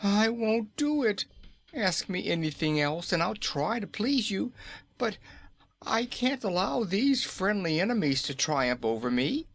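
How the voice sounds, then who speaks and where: A man's voice: high-pitched, sing-song, a little slow, a bit bright, pitched above the performer's own voice, exaggerated voice. A man voicing a cowardly, whining male gnome king who pleads and trembles. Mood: stubborn.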